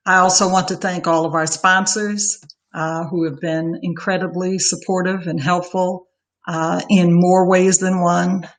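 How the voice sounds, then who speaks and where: A woman's voice: lowish voice, little pitch movement, measured pace. Tearful older woman giving thanks. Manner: heartfelt, emotional, lists names warmly. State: close to tears. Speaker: outgoing organization leader. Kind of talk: farewell thank-you speech. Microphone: video call.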